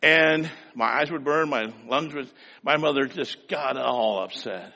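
A man's voice: medium pitch, a little slow, gravelly, sharp tone. A man preaching a sermon, telling a homespun story in a folksy, anecdotal way before turning to scripture with emphasis. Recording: long hall reverb.

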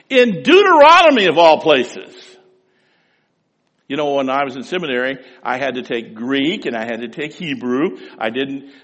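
A middle-aged man preaching a sermon, telling folksy stories with sudden swings between loud and soft. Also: medium pitch, in a large hall. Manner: folksy storytelling with wide swings in loudness. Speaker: pastor.

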